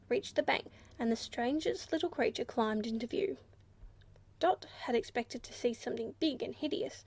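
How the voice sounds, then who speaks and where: A woman narrating a children's storybook in a clear, measured reading voice. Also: a little high, a little mellow, no echo. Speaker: audiobook narrator.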